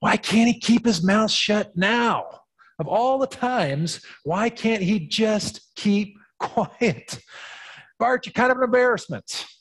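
A man's voice: sits high, lively intonation, slow, a bit bright, husky, voice pushed up, heavily acted. A man voicing an embarrassed townsperson complaining in a whiny, exasperated way.

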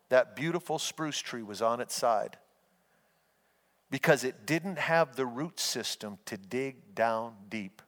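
Heard through long hall reverb, a man preaching as pastor shares homespun tales and presses his audience forward with earnest, folksy warmth. He speaks at a medium pitch with a fairly bright tone.

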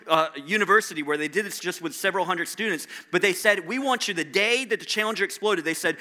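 Middle-aged male pastor, high and tense, chatty sermon full of rhetorical questions. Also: sharp tone. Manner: conversational preaching with rhetorical questions to the room.

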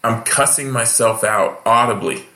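A man's voice: medium pitch, a little slow. A man from Hawaii, a guest comedian, chatting casually on a podcast and acting out the people in his stories. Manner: animated storyteller, acts out voices. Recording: echoey room.

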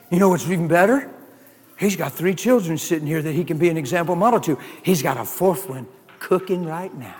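Brief: high-voiced, lively male preacher, big swings, church hall reverb. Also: a little hiss or hum. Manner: animated, shouting exclamations, laughing asides. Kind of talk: sermon.

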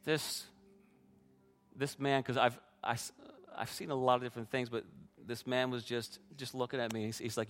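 A man's voice: medium pitch, steady tone, normal speed. A man preaching a sermon as pastor, sharing his own testimony in an earnest way and speaking directly to the congregation.

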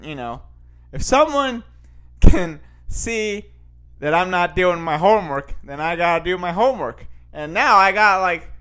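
A man's voice: a little high, a bit bright. Rambling self-mocking male podcaster. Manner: rambling, self-mocking, lots of fillers and restarts. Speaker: podcast host. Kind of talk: casual storytelling monologue.

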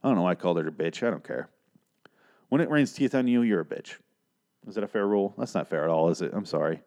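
A man's voice: sits low, animated, fast talker, darkish tone. A man hosting a podcast, recapping a TV episode in a casual, profane, sarcastic and rambling way. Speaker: podcast host.

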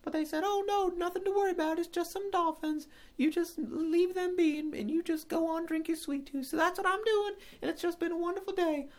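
A gossipy homebody lady in a soaring falsetto, put on by a man, rambling on in a folksy way. The voice sits far up in a squeaky register and sounds a little back from the mic. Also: steady tone, brisk. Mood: chatty. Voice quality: high falsetto. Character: chatty Southern woman interviewed at home.

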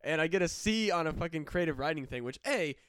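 Young man, podcast guest, higher clear voice, swearing storyteller, dry sound. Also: expressive, fast, a bit bright, dry recording. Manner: profane, storytelling with laughs and fillers. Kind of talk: casual chat. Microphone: studio mic.

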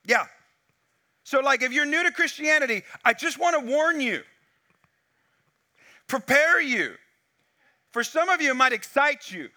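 A pastor with a very high voice preaches unhurriedly, leaving long pauses. Using a wireless mic, he tells his sermon's story in an animated way and acts out the dialogue.

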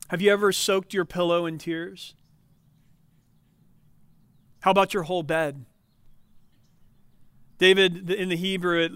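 A man's voice: sits high, a bit bright, clear, resonant tone, no room sound. A man preaching a sermon, earnest and emphatic, building to pointed questions for his listeners. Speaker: pastor.

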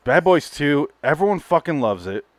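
A man's voice: fairly high pitch, moderate pace. A man co-hosting a podcast, chatting casually about movies, swearing often and telling stories with laughs. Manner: animated, swearing, laughing storyteller. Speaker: podcast co-host.

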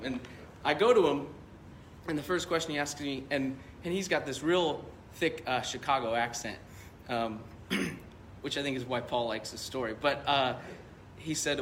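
Bright-voiced pastor preaching in a roomy church. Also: male voice, mid-range voice, moderate pace, slight background noise. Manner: conversational, rambling storytelling with fillers. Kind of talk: sermon.

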